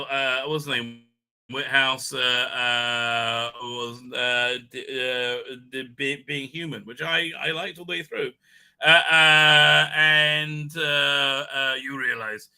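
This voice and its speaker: Hoarse, bright-voiced man rambling. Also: on the high side. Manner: rambling, many restarts and fillers. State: hoarse from illness. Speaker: livestream host. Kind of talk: casual livestream commentary.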